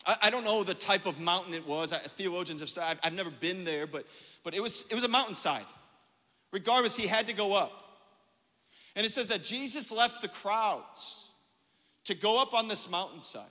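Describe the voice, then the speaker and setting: A man preaching a sermon as pastor, telling a story with lively quoted dialogue. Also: high voice, normal speed, big-room sound.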